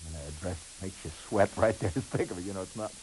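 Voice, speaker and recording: A man's voice: low voice, brisk, darkish tone, slight background noise, low-quality recording. A middle-aged man telling a comic first-person story in a wry, rambling way with lots of asides. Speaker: radio storyteller.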